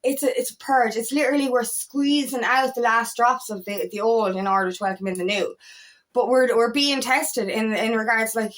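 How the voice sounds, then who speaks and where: Speaking to camera at a normal speed, a young woman who works as a feminine empowerment coach shares casual spiritual guidance in a slightly high voice with fairly even intonation. Her delivery is rambling, weary and emotional, full of repetitions and false starts.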